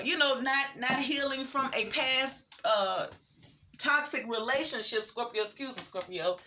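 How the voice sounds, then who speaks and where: Bright, emphatic woman tarot reader. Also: a little high. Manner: emphatic, slangy, reads card text aloud and repeats lines. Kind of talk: casual tarot card reading.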